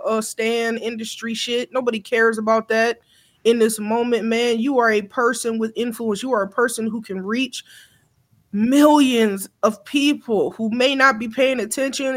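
A woman co-host talking in a blunt, heated way and cursing freely. Her voice sits fairly high for a woman, and she hammers her points with emphasis. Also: a bit bright. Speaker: podcast co-host. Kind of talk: casual chat.

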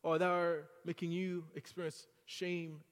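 A man's voice: fairly high pitch, flat delivery, unhurried. A man preaching a sermon in earnest, building emphasis as he addresses the congregation. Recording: long hall reverb.

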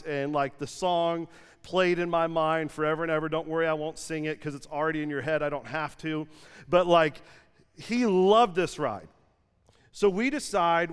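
A pastor in his thirties telling a family story in a lively sermon, peppered with "like" and acted-out quotes. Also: a little high, clear, resonant tone. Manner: lively anecdotal storytelling with frequent "like", acting out quotes. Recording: long hall reverb from a church stage.

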